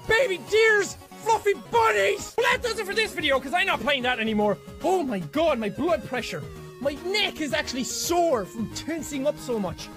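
Man, very high voice, raging gamer, constant swearing, yelling, music playing behind. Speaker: gamer streaming a game. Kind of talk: raging gameplay commentary.

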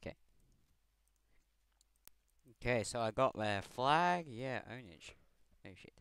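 Rambling Scottish teen gamer. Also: male voice, mid-range voice, expressive, takes it slowly, a bit bright, clear, resonant tone, no echo, clean studio sound. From Scotland. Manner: rambling, swearing, self-mocking. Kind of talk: gameplay commentary. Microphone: headset mic.

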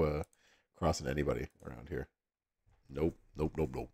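A man's voice: very deep voice, fairly even intonation, moderate pace, pauses often, warm tone. A man with a Southern US accent hosting a livestream, chatting casually with viewers and laughing often. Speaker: livestream host.

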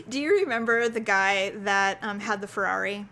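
A woman's voice: medium pitch, normal speed. A woman co-hosting a podcast, telling a story in casual chat and acting out what people said, with the odd swear word. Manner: animated, acts out quotes with swearing. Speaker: podcast co-host.

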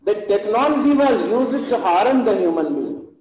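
A man's voice: sits high, lively intonation, moderate pace, darkish tone. A middle-aged man with an Indian English accent giving an earnest, emphatic lecture, often hesitating and repeating himself. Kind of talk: formal lecture. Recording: echoey hall, dull lo-fi sound.

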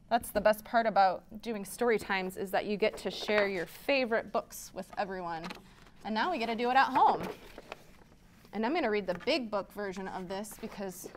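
A woman who works as a children's librarian, reading a counting picture book aloud in an animated, sing-song storytime voice for small children. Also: high voice, clear, resonant tone.

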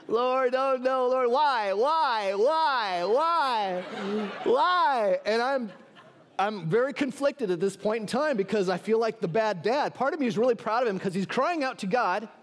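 High-voiced man preaching a sermon. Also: in a large hall. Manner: lively storytelling with humor, calls for audience response. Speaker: pastor.

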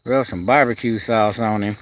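A man's voice: on the low side, steady tone, moderate pace, a little hiss or hum. A man chatting casually on a live stream outdoors at a kennel, cooing at his animals and answering the chat in a folksy way.

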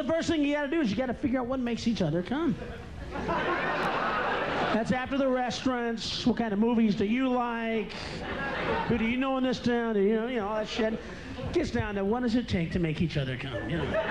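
A man's voice: very high-pitched, heavy background noise. A man doing a live stand-up routine, ranting and breaking into sudden screaming tirades. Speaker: stand-up comedian. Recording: live club, loud crowd.

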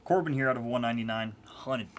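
A man's voice: mid-range voice, fast, slight background noise. Playful man hosting a card break. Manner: playful, chatty, teasing the chat. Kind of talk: casual live-stream commentary.

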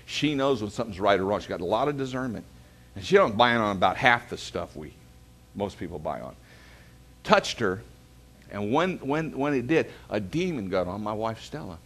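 A man's voice: on the low side, lively intonation, moderate pace, a bit bright. A man, preaching a sermon as pastor, telling stories and calling the congregation to say amen. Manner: storytelling preacher calling for amens.

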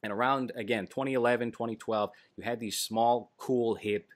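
A man's voice: mid-range voice, steady tone, normal speed, no echo. A man in casual podcast chat, explaining at length with many fillers. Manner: rambling, filler-heavy explaining. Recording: dry close audio.

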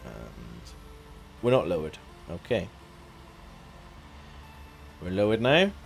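A man's voice: low voice, wildly swooping pitch, takes it slowly, creaky, soft background music. A man chatting casually on a live game stream, joking, laughing and thanking viewers by name.

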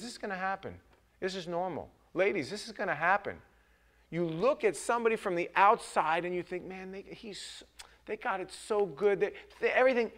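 A man preaching an informal, joking sermon as pastor in a church, often restarting his sentences. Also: high voice. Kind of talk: conversational sermon. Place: church sanctuary.

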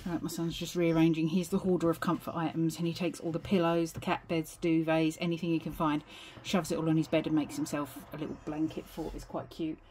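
British woman, young adult, low-pitched, out of breath, rambling home vlogger. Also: flat delivery, a little fast, few pauses, dark tone, slight background noise. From United Kingdom. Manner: chatty, rambling, self-deprecating. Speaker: budgeting vlogger. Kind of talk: casual chat to camera. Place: home, evening.

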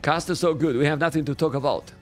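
A man with a Spanish accent giving live commentary on a strategy game, chatty and animated, often talking straight to his chat. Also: a little high, fast, faint music behind. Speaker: game caster.

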